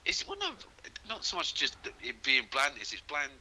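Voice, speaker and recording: A man's voice: medium pitch, wildly swooping pitch, moderate pace, sharp tone, slight background noise, rough recording. A man co-hosting a podcast, talking hesitantly with lots of "you know" fillers. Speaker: podcast co-host. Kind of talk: casual podcast chat.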